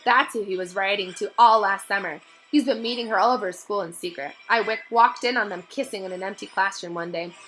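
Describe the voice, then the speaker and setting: A woman voicing a chatty, anxious young girl, a touch higher and louder than her narration. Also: brisk, hardly any pauses, lightly acted, low-quality recording. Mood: eager. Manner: eager, slightly brighter and louder than the narration.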